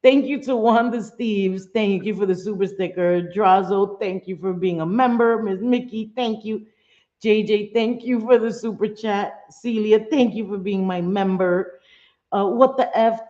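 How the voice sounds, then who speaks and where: A woman's voice: lowish voice, darkish tone, dull audio. A woman hosting a casual live stream, thanking viewers, swearing casually, laughing often and dropping in Spanish phrases.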